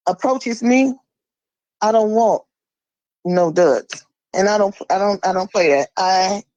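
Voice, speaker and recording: A middle-aged woman calling in and speaking in a forceful, emphatic, preachy way. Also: mid-range voice, dry recording, poor audio. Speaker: caller. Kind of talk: impassioned monologue.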